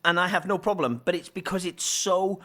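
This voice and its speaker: A man's voice: sits high, a little fast. A man with a Welsh accent, a guest in casual podcast chat, telling things animatedly and acting out accents. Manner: animated storyteller, acts out accents.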